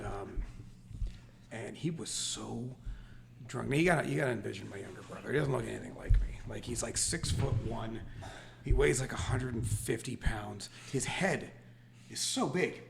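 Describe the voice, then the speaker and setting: A man's voice: mid-range voice, gravelly, a little hiss or hum. A man co-hosting a podcast, telling a story in casual chat and laughing as he goes. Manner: animated, laughs through stories. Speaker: podcast co-host.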